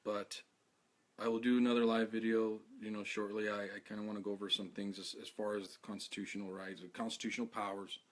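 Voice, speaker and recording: An exhausted man talking to his followers in a live video, halting and stammering, repeating his words, earnest and heartfelt. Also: on the low side, level tone. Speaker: activist speaking to followers.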